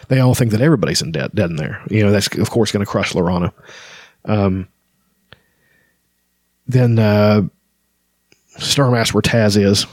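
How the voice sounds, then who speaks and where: A man's voice: lowish voice, normal speed, pauses often, no room sound, clean studio sound. A man casually talking through a book he is reading, with frequent filler words. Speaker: book reviewer.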